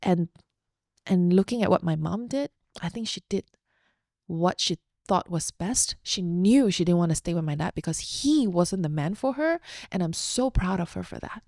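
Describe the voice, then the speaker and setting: In clean studio sound with no echo, a young woman podcast host tells a personal story in a heartfelt, open, chatty way, using fillers. Her voice is on the low side, gravelly and mellow, expressive, at a normal speed.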